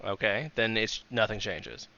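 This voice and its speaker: A man's voice: fairly low pitch, expressive, unhurried, vocal fry, bright, forceful tone, muffled recording. A man running a tabletop game as game master, laughing often and joking at himself. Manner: laughs often, restarts, self-mocking.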